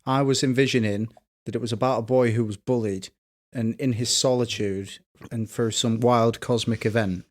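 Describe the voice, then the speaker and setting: A man's voice: medium pitch, steady tone, normal speed, few pauses. A man co-hosting a podcast in casual chat, with dry jokes and absurd made-up stories. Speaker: podcast co-host.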